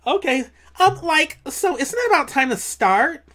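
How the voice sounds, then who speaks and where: A woman's voice: high-pitched, very animated, measured pace, fairly bright tone, a little hiss or hum, pitched above the performer's own voice, exaggerated voice. A woman voicing a ditzy young female college student with a valley girl drawl, full of "like". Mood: bubbly.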